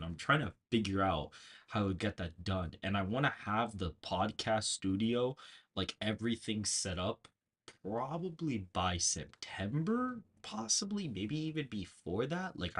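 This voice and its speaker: A man hosts a political show from his bedroom on a livestream, chatting loosely and rambling through a story with many restarts. His voice is husky and sits fairly low. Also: fairly bright tone. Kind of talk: casual livestream chat.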